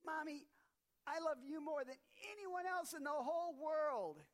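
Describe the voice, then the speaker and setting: Young boy, high childlike voice, eager, gushing, earnest, man putting it on, children's sermon story. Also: animated, a little slow.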